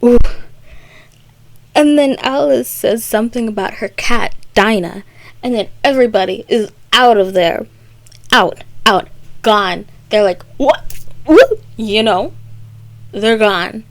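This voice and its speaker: A woman's voice: on the high side, measured pace, no room sound. A young woman recapping a story for comedy, with sarcastic, rambling asides. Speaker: video creator.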